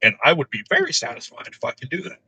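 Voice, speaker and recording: Bright-voiced man telling crude stories. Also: a little high, fast, slightly rough, no room sound, dull audio. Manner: crude, laughing, deadpan in quoted replies. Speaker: storyteller in casual chat. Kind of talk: casual chat.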